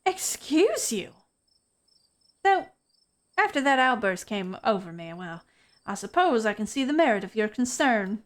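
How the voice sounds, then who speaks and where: A woman's voice: mid-range voice, sing-song, normal speed, natural voice. A woman voicing a feisty old female pug who talks like a genteel, fussy southern lady, in a put-on Southern US accent. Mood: indignant.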